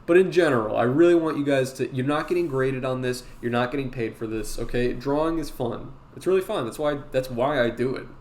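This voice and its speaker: A man's voice: mid-range voice, fairly quick, hardly any pauses, a little mellow. Rambling, profane male art streamer. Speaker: art streamer teaching a drawing class. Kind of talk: casual live-stream talk.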